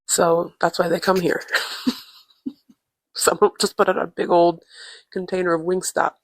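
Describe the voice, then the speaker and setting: A woman's voice: fairly low pitch, little pitch movement, unhurried, dry recording. A woman podcast co-host recording a casual travel audio diary at a relative's home on a tiny clip-on mic, talking in a playful, jokey, mock-serious way. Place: indoors at a relative's family home. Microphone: tiny clip-on influencer microphone.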